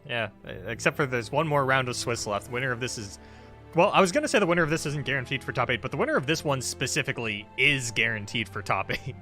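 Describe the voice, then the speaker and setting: A man casting a card game tournament, breaking down plays quickly and thinking out loud. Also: mid-range voice, animated, faint music behind. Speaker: esports caster. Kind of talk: live tournament commentary.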